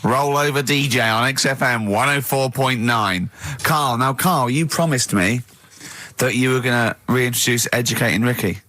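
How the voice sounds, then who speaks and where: A man's voice: medium pitch, normal speed, pushed and bright. A man hosting a radio show in casual banter, with a dry, teasing way of talking. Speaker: radio host.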